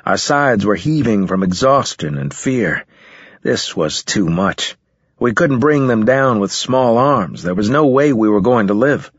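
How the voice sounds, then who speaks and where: Man, audiobook narration, first person, measured, low husky voice, slightly dull lo-fi sound. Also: expressive, no echo.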